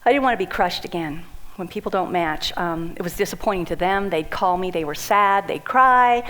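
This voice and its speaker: A woman's voice: fairly low pitch, moderate pace, low-quality recording. Woman telling a heartfelt personal story. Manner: emotional, heartfelt, animated quoting of others. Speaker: speaker at a community event.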